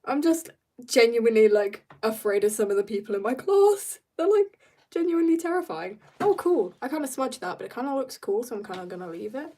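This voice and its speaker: A woman's voice: fairly high pitch, expressive, warm tone, far from the mic. British teen girl streamer, chatty and giggly, talks while she draws, sits a bit off-mic. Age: teens. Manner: rambling, giggly, talks in quick bursts. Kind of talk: casual livestream chat while drawing.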